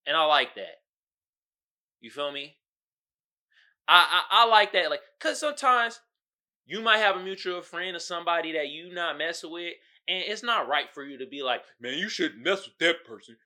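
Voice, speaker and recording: A male podcast host giving casual, slangy commentary, animated and often asking "you feel me". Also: a little high, moderate pace, long pauses. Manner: animated, acts out quotes loudly.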